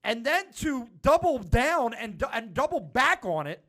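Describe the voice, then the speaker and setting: A man's voice: very high-pitched, sing-song, a little slow, pushed and bright. A man co-hosting a podcast, giving mock-serious advice in a teasing, lecturing way. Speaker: podcast co-host. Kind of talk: casual podcast banter.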